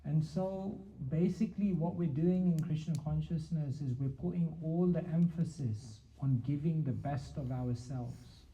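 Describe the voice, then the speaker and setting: A man, a spiritual teacher, answering questions in a measured talk with repeated emphatic phrasing. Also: fairly high pitch, mellow. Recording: dull lo-fi sound.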